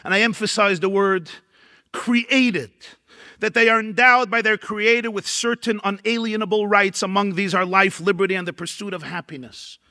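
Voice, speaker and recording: Brooklyn-accented man giving a high-pitched lecture. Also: sharp tone. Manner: dramatic oratory, emphatic repeated lists. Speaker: rabbi giving a keynote lecture. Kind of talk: keynote lecture. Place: large event hall at a dinner.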